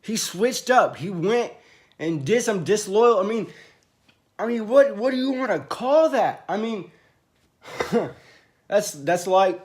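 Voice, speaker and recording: A man venting in a rambling, profane monologue to camera from a small room, swinging between loud rants and low mumbling. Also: animated, slow, pauses often.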